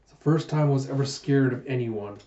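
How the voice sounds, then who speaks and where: A man voicing a blunt, unimpressed young fighter in a flat, deadpan way. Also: medium pitch, brisk, natural voice. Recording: echoey room, dull sound.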